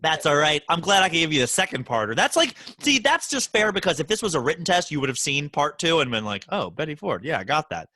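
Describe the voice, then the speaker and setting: Lively, teasing man hosting a podcast. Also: a little high, quick pace, few pauses, no room sound. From Baltimore, Maryland. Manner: teasing, animated quizmaster. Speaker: podcast host. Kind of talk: casual podcast chat, quizzing a guest.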